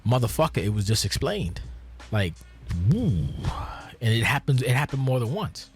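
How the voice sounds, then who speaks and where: A man hosting a podcast, talking in a casual, profane, rambling rant that swings from low muttering to loud exasperation. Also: animated, brisk, husky, soft background music. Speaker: podcast host.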